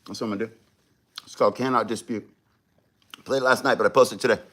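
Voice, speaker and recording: A man's voice: medium pitch, fairly even intonation, fast, fairly bright tone. A man hosting a casual livestream, chatting to viewers in a laid-back, slangy way while eating. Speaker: livestream host.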